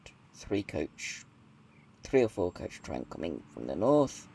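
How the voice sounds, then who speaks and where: A British man talks unhurriedly through a relaxed gameplay session, musing to himself as he watches. His voice sits low with a gravelly edge, and his pitch wanders up and down with lively movement. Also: slight background noise. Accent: British English. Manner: musing aloud, slow and thoughtful. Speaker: gaming video creator. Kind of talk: casual gameplay commentary.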